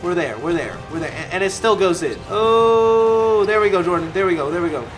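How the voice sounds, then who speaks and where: High-pitched excitable young man gaming. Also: faint music behind. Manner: excitable, yelling at his players, quick swings to muttering. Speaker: gaming video creator. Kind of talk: live gameplay commentary.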